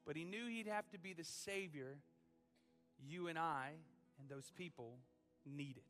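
A man's voice: on the high side, a bit bright, long reverb tail, faint music behind. A man, a student pastor, preaching a dramatic, emphatic sermon in a church. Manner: dramatic, emphatic, drawn-out phrasing.

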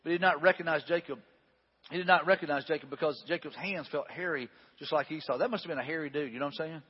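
A man preaching a sermon, moving between reading scripture and chatting with the congregation in a folksy way. His voice sits a bit high for a man and has a husky edge. The sound is dull and lo-fi, with a long reverb tail filling the hall. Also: fast talker. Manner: conversational, folksy asides with restarts. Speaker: pastor.

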